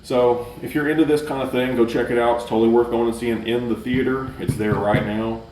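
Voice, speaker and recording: A man's voice: medium pitch, steady tone, fairly quick, a little mellow, a little hiss or hum. A man casually reviewing a movie for his channel, rambling with lots of fillers and restarts. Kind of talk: casual chat. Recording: roomy echo, mic at a distance.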